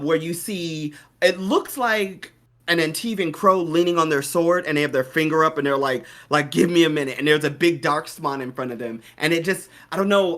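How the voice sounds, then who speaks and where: A man's voice: on the high side, a bit bright. A man in casual discussion, rambling and thinking aloud with lots of fillers. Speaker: discussion panelist. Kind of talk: casual chat.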